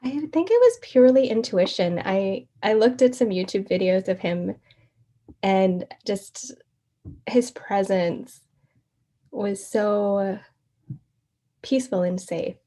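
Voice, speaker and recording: A woman guest in an interview, telling her story in a casual, animated way, laughing often and acting out the quoted exchanges. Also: mid-range voice, slow pace, pauses often.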